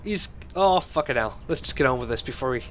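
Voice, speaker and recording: A man's voice: mid-range voice, expressive, quick pace, fairly bright tone, slight background noise. A man playing a co-op game with a friend, joking in a playful, rambling way. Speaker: co-op game partner. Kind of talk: casual gameplay chat.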